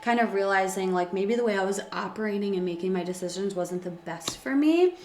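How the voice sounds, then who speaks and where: A woman's voice: medium pitch, expressive, brisk, darkish tone, reverberant, faint music behind. A woman giving a casual, chatty tarot reading at home, full of fillers and emotion. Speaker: tarot reader. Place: room at home by a window.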